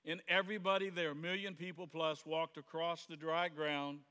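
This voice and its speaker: At a moderate pace and in a level, smooth tone, a male pastor addresses his congregation conversationally. His voice is bright and a bit high, he mimics the people in his stories and bursts into shouts, and the sanctuary adds a long trailing reverb.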